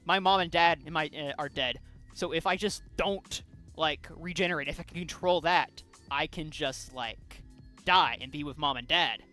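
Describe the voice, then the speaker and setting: A man's voice: a little high, normal speed, pushed and bright, faint music behind. Man doing a desperate young villager in pain. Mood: wavering.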